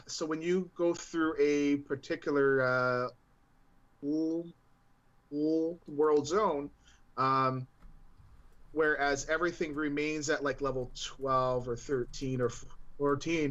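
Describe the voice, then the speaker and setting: Co-host, man, rambling and easygoing, slightly high voice, muffled lo-fi remote audio. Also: takes it slowly, long pauses. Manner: rambling and relaxed, with many fillers while he explains. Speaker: podcast co-host. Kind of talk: casual podcast chat. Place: remote, at a gaming convention.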